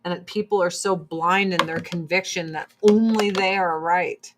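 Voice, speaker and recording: Blunt, low-voiced woman doing her makeup. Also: steady tone, normal speed, hardly any pauses, fairly bright tone, a little hiss or hum. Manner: blunt, profane, opinionated. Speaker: streamer. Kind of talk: casual chat while doing makeup.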